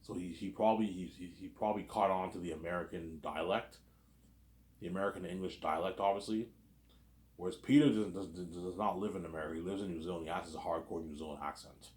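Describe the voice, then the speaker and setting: A man with a very low voice talks through a casual, rambling commentary. He keeps circling back with the same tag phrases and fillers. The sound carries a noticeable room echo. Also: fairly even intonation, fast, darkish tone. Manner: rambling, repeats fillers and tags constantly. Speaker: host. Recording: roomy echo.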